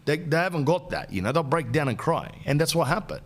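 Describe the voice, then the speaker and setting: Animated man telling stories. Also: on the high side, a little fast. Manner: ranting, animated anecdotes with slang. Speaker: podcast host. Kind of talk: comic storytelling.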